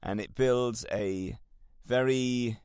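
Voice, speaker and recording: A man's voice: mid-range voice, fairly even intonation, slow, a little mellow, clear, resonant tone, no room sound, clean studio sound. A man with a Welsh accent hosting a solo self-help podcast, talking to listeners in an earnest, encouraging coaching way. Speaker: podcast host.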